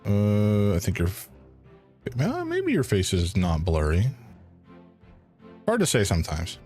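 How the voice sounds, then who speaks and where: A man's voice: on the low side, huge pitch swings, unhurried, darkish tone, soft background music. A man streaming a first playthrough of a game, thinking aloud in a hesitant way and often restarting his sentences. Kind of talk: live game commentary.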